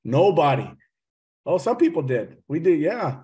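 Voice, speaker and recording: This is an associate professor and speaker from Oklahoma, a middle-aged man with a slight Southern drawl, giving a loose, joking lecture over a video call. His voice sits at medium pitch with a darkish tone and moves at normal speed. The delivery is chatty, teasing, and relaxed.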